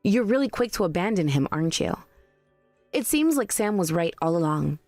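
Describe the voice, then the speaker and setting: A woman's voice: on the low side, big pitch swings, normal speed, a little mellow, dry recording, soft background music. A woman voicing a cold, blunt young wife who speaks in a cool, cutting, sarcastic way. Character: cold, blunt young wife confronting her mother-in-law. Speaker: daughter-in-law.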